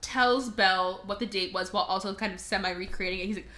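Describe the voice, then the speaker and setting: A woman's voice: mid-range voice, fairly even intonation, fast, pushed and bright. A woman co-hosting a podcast, casually retelling a movie with put-on character voices, swearing and laughing. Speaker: podcast co-host. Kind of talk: casual movie review chat.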